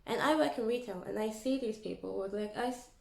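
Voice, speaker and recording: A young woman chatting casually to her vlog audience in an animated, storytelling way. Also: medium pitch, a little fast, vocal fry. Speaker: YouTuber. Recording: echoey room.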